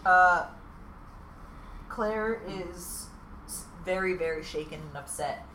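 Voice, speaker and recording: A woman co-hosting a podcast, chatting casually in an animated way, laughing often and acting out quotes. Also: lowish voice, takes it slowly, reverberant, slight background noise. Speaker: podcast co-host. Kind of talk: casual recap chat.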